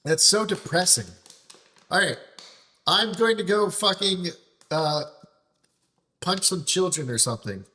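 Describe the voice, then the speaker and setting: A man's voice: high voice, animated, a little slow, long pauses, pushed and bright, a little hiss or hum. A man streaming a game, ranting in frustration and swearing heavily, often restarting his phrases as he vents. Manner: repeats and restarts phrases while venting. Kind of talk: live gameplay commentary.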